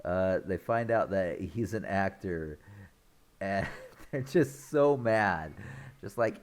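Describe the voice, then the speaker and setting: A man's voice: low voice, expressive, slow. A man casually recapping a film's plot for his channel, chuckling often as he rambles through the scenes. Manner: rambling, loose retelling with restarts. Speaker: online film reviewer.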